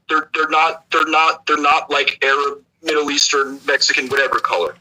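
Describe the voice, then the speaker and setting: A man's voice: fairly high pitch, fairly even intonation, normal speed, pushed and bright, rough recording. A man co-hosting a livestream, rambling in crude casual banter with frequent restarts and repeated words. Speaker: livestream co-host.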